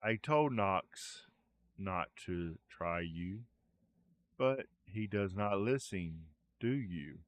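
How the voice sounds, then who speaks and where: A man's voice: low voice, lively intonation, drawn-out words, no echo, full character voice. A man voicing a solemn male elf elder who speaks formally. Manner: formal, stately speech.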